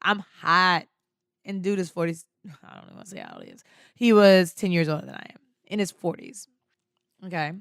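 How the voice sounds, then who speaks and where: Woman podcast host, lower voice, dry close mic, animated slangy storytelling, frequent laughs. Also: brisk, gravelly, long pauses, clean tone, dry recording. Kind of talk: casual storytelling.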